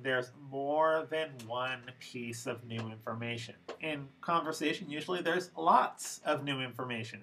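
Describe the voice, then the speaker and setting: A man teaching English pronunciation in a recorded lesson, explaining slowly and with deliberate emphasis. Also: mid-range voice, sharp tone, breathy edge, poor audio.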